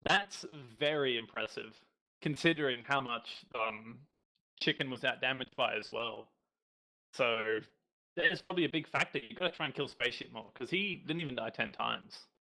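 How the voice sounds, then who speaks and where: A man's voice: mid-range voice, normal speed, vocal fry, bright, forceful tone, low-quality recording. A man giving casual, chatty analysis as colour commentator on a live esports broadcast.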